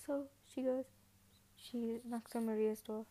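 A woman hosts a casual podcast, rambling through a retelling and often correcting herself mid-sentence. Her voice is high-pitched but mellow and warm. She slips into quoted lines as she goes. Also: fairly even intonation, unhurried, low-quality recording. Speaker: podcast host.

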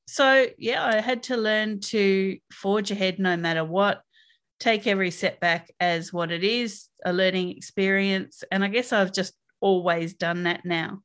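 A woman's voice: medium pitch, a bit bright. A woman with an Australian accent, a podcast guest, answering interview questions in a frank, upbeat way with small laughs.

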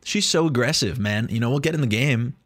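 A man's voice: medium pitch, a little fast, a bit bright, no echo. A young man talking in a casual, rambling monologue, joking and swearing freely.

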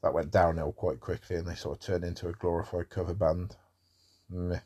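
A man's voice: deep voice, little pitch movement, brisk, a little mellow, slightly rough. A man talking in a rambling casual monologue about music, with wry asides.

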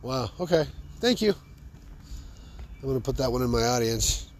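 A man hosting a podcast, telling funny personal stories in an animated, joking, self-amused way. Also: mid-range voice, normal speed, long pauses. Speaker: podcast host. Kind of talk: comic personal storytelling.

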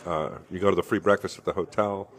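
Deep-voiced dry-humored man. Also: steady tone, fast talker. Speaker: podcast co-host. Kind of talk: casual chat. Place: restaurant table.

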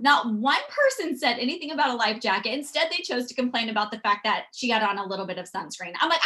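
A woman, telling stories as a podcast guest in a chatty, animated way. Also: a little high, quick pace, hardly any pauses. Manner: chatty, animated, quotes people in acted voices. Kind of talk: casual storytelling.

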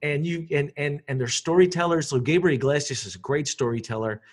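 A man, a public speaker chatting casually in an interview, animated and quick to repeat words. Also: fairly high pitch.

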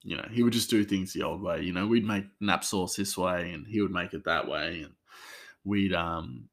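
A man's voice: deep voice, moderate pace, vocal fry, fairly bright tone. A man, a chef, telling work stories in a rambling casual way with many fillers and restarts. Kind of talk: casual storytelling.

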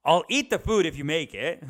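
Speaking at normal speed in a fairly high, animated voice, a young vlogger addresses the camera indoors at his parents' place. It's a rambling, casual chat with cursing, plenty of fillers, and repeated restarts.

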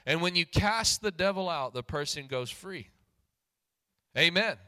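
A man preaching a sermon as pastor, breaking into loud calls and repeated hallelujahs. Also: on the high side, animated, unhurried, no echo.

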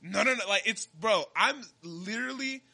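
A man's voice: sits high, animated, moderate pace, vocal fry, pushed and bright, husky. A young man, a podcast co-host, telling a story in casual chat and acting out the dialogue with animation.

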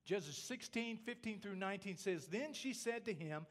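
A male pastor preaching a sermon, swinging between animated points and quiet asides, often checking in with "okay?". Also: high voice, moderate pace, hardly any pauses. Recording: long reverb of a large hall.

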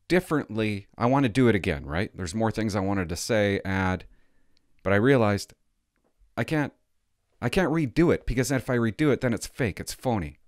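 A man's voice: lowish voice, dry recording, studio quality. An older retired man rambling casually to his camera, stumbling over words and swearing now and then. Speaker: retired vlogger playing hotline calls.

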